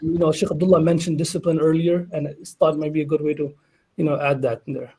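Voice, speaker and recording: A man speaking in a casual religious panel discussion, telling stories with lively acted-out dialogue. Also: a little high, quick pace, slightly rough, low-quality recording. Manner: animated storyteller, acts out dialogue.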